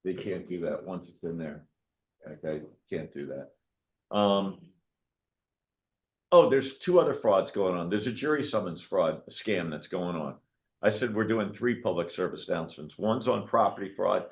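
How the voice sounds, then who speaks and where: A man in his sixties, a county clerk, telling stories to a meeting in an animated way and often checking in with "okay?". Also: low-pitched, normal speed, muffled recording. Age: 60s. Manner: animated storytelling, frequent "okay?" check-ins. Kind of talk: public meeting talk.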